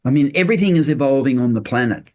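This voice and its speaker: An older man speaks as an interview guest at a mid-range pitch. His talk is earnest and explanatory, full of fillers and restarts as he works through his points. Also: lively intonation, rapid-fire, darkish tone. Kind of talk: casual interview chat.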